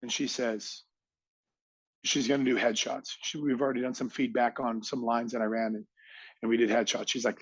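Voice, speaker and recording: A man's voice: medium pitch, level tone, normal speed, breathy edge, no echo, highs cut off. A middle-aged man, a podcast guest, tells a motivational story with emphatic energy and acts out other people's lines.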